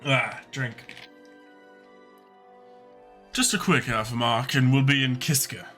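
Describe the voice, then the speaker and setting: A man voicing a loyal young male companion in a game, speaking low, steady and matter-of-fact. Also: slow, faint music behind. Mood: calm. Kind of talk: voicing game dialogue on a let's-play.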